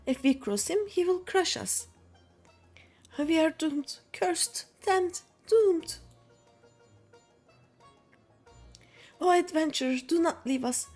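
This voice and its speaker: A woman's voice: very high voice, expressive, takes it slowly, darkish tone, soft background music, voice pushed up, full character voice. A woman voicing a small, timid male kobold who frets and repeats his words in threes. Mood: fearful.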